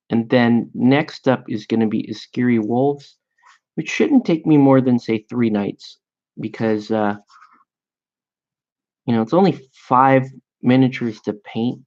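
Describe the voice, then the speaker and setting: Slow-talking man chatting while painting. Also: medium pitch, darkish tone. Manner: slow, rambling, self-amused. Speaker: miniature painting hobbyist. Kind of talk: casual chat while painting. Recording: dull lo-fi sound.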